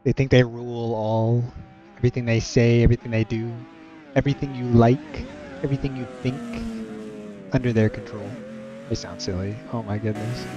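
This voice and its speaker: A man's voice: medium pitch, steady tone, normal speed, mellow, muffled recording. A young man telling a rambling, exasperated personal story as a vlogger. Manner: exasperated, rambling, many fillers. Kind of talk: casual storytelling rant. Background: music.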